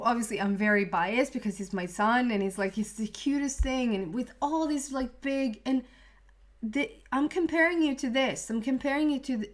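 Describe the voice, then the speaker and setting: Woman in her thirties, tarot reader, rambling and earnest, voice sits a bit high. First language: Swedish. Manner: chatty, rambling, earnest, with many restarts. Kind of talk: tarot card reading.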